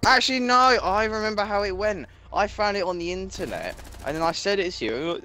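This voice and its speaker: A man's voice: high-pitched, lively intonation, a little fast, sharp tone, a little hiss or hum. A young man chatting playfully and teasing his friends while gaming online on a headset. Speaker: gamer. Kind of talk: casual chat while gaming.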